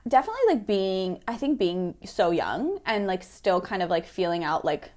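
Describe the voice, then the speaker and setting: A woman in her thirties from the American South, a guest telling stories in a casual interview, animated and laughing often. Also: lowish voice, moderate pace. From Florida, American South.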